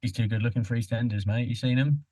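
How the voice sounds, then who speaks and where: A man's voice: medium pitch, fast, mellow, dry recording. A man co-hosting a casual podcast chat, playful and teasing, swearing freely. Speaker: podcast co-host.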